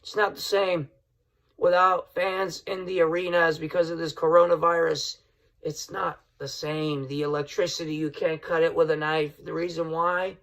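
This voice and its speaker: A man hosting his own wrestling podcast, ranting heatedly and swinging from loud outbursts to low mutters. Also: flat delivery, moderate pace. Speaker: podcast host. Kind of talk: casual wrestling podcast rant.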